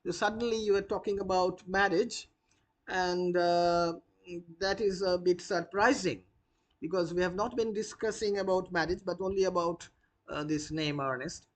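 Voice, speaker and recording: A man reading a forward, proper young society woman's lines, his voice lifted higher than his usual talk. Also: steady tone, moderate pace, lightly acted. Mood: prim, forward. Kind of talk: reading a play aloud in class.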